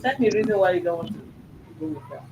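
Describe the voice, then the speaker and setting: Firm high-voiced man mediating. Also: animated, racing, a little mellow, a little hiss or hum, rough recording. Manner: firm, probing, repeats questions. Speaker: mediator host. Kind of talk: questioning a child in a family dispute.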